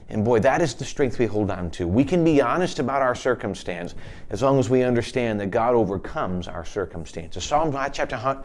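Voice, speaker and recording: A man pastor giving a devotional sermon, reading scripture aloud and speaking earnestly, turning soft and pleading when he voices prayers. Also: medium pitch. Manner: earnest devotional teaching, reads scripture aloud in King James wording.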